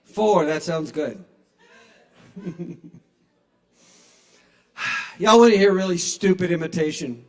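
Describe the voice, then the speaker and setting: A man works a small bar crowd through a stage microphone, playful and self-mocking. His voice sits high for a man. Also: takes it slowly, long pauses, darkish tone. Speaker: stand-up comedian. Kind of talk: stand-up comedy set. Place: small bar at a live open mic. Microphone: handheld stage microphone.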